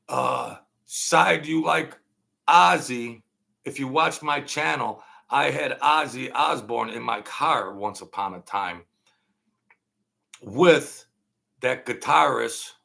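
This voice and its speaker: Slow, gravelly man rambling through a story. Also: mid-range voice, bright, forceful tone. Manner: rambling, halting with many fillers and restarts. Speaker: channel host telling stories. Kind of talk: casual storytelling monologue.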